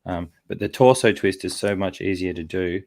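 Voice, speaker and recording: A man's voice: low voice, normal speed, gravelly, a little mellow. A man hosting a casual chat while posing a figure, talking in a rambling way with many fillers and restarts, and getting over a chest infection. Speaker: host.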